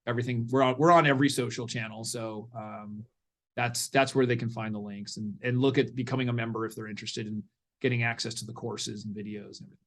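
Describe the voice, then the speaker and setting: A middle-aged man, a parenting coach guest in a podcast interview, telling stories in an animated way and acting out what people said. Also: mid-range voice, fast talker. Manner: animated storyteller, acts out quotes.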